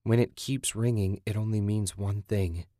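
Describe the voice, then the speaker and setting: A man's voice: fairly low pitch, fairly even intonation, normal speed, dark tone, no room sound, clean studio sound, lightly acted. A man voicing a frightened young woman on the run, anxious and pleading.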